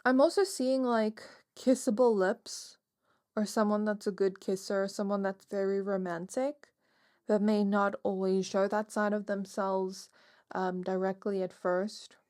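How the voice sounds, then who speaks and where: A woman's voice: medium pitch, flat delivery, measured pace, darkish tone, dry recording, studio quality. A woman giving a casual pick-a-card tarot reading, musing aloud with many fillers. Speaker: tarot reader.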